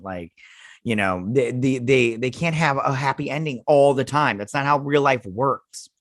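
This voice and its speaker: A man's voice: medium pitch, moderate pace, dry recording, studio quality. A man hosting a casual review of a TV episode, ranting sarcastically and swearing. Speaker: host.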